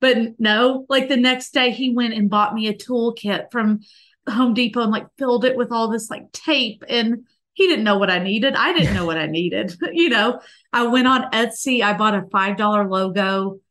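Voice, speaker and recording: A woman's voice: a little high, moderate pace, a bit bright. A woman in her thirties, a podcast guest, telling a personal story in an earnest, tender way, with many "like" fillers. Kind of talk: heartfelt conversational storytelling.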